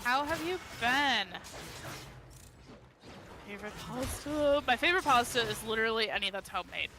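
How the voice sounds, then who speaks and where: A woman's voice: on the high side, moderate pace, noisy background. A woman streaming a game, chatting casually and reading out viewer messages. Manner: lively, reads viewer chat aloud. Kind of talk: casual chat while gaming. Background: music.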